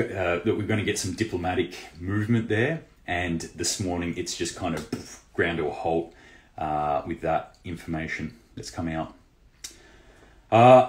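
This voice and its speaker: A man hosting a casual news roundup for a prepping channel, loose and conversational with lots of fillers and restarts. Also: low-pitched. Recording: roomy echo.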